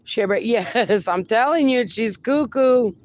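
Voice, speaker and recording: A woman's voice: a little high, animated, slow pace, darkish tone. A woman hosting a casual livestream from her fenced yard, cooing baby talk at her dogs between replies to viewers. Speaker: livestream host.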